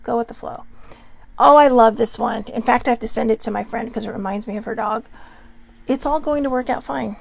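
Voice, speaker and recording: A woman's voice: fairly high pitch, a little fast, gravelly, slight background noise. A woman hosting a casual self-care pep talk, chatty and often checking in with "right?". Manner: chatty, keeps asking "right?". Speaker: host.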